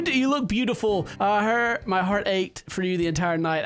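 A man's voice: high-pitched, brisk, fairly bright tone, soft background music. Rambling, laughing let's-play guy. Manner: rambling, laughing, mock-romantic. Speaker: gaming YouTuber.

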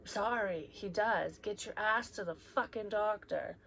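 A woman's voice: medium pitch, a little slow, gravelly, a bit bright, slightly rough. A young woman talking casually as a psychic reader, blunt and rambling, swearing often and sometimes dropping to a whisper. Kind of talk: casual personal chat.

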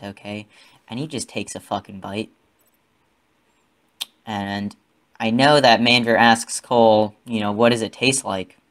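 A man's voice: mid-range voice, a bit bright. A young man telling a rambling, profane story in casual talk, often adding "okay?".

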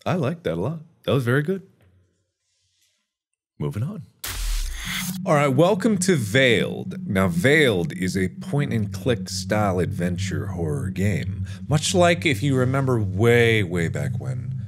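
A young adult man giving let's-play commentary, reacting to a horror game with excitable, exclamatory outbursts. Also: on the low side, a little slow, music in the background. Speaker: gaming video host.

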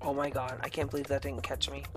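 A woman giving angry gameplay commentary, cursing and yelling in exasperation. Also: extremely low pitch, level tone, quick pace, husky, soft background music. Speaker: gaming video creator.

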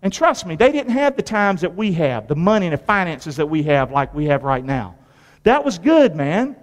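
At normal speed, a man with a slightly high, sing-song voice preaches a sermon, the church sanctuary adding long hall reverb. He engages the congregation call-and-response style with questions and folksy repetition, his emphasis rising and dropping abruptly.

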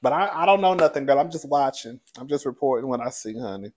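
A man hosting a casual recap vlog, talking in a sassy, animated way with frequent laughs and calling his listeners "girl" and "child". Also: medium pitch, fast talker. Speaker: show reviewer and host. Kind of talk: casual reality TV recap commentary.

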